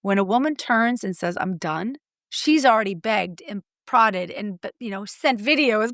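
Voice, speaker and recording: A middle-aged woman coach telling stories in an interview, blunt and lively, acting out her clients' lines. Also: medium pitch, moderate pace, dry recording, clean studio sound. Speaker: guest, marriage coach. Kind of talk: animated storytelling interview.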